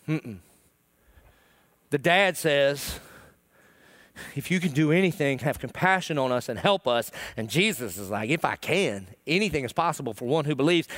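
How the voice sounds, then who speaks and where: Impassioned male pastor, crisp dry voice. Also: on the high side, normal speed, no room sound. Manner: emotional, swings between loud pleading and hushed tones. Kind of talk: sermon. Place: church.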